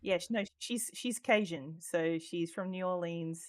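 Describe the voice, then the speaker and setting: An Australian woman with a lowish voice chats casually as a podcast guest, speaking a little slowly. She talks freely, with plenty of ums, swearing and laughter.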